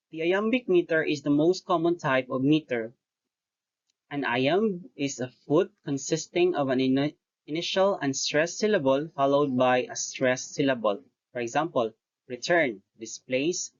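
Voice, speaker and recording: Teacher, recorded lesson, slow and measured, short phrases, corrects own wording, muffled lo-fi sound. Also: medium pitch. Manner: deliberate, pauses often between phrases, corrects own wording. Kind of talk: recorded lecture-style lesson. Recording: dull lo-fi voice recording.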